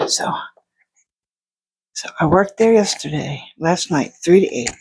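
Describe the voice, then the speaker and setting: A woman's voice: lowish voice, lively intonation, measured pace, a little mellow, breathy edge. A woman artist chatting to her viewers at home in a rambling, casual way, full of restarts and fillers. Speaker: outsider artist vlogger. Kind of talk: casual chat to camera.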